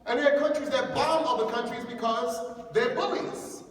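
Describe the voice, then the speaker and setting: A man giving an animated lecture to young people, acting out the voices of the people he quotes. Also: very high voice, normal speed, few pauses. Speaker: imam giving a youth lecture. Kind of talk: lively motivational lecture. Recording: echoey hall from far off, faint noise.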